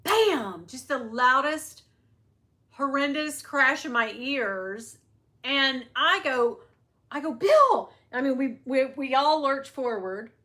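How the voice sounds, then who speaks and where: Middle-aged woman, storytime vlogger, animated and chatty, higher pitch, bright tone. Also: slow. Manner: animated, chatty, acts out quotes. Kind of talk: casual storytime, live chat.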